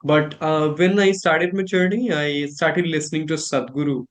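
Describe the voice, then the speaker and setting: A man's voice: fairly high pitch, moderate pace. Indian man chatting about pronunciation. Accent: Indian English. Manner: relaxed, thoughtful, repeats words to demonstrate pronunciation. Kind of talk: casual conversation about English pronunciation.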